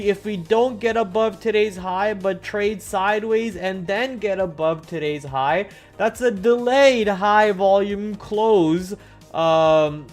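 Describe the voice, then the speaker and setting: A man hosting a stock-trading livestream, talking casually and thinking aloud, with many fillers and restarts. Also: high-pitched. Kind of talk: casual market commentary.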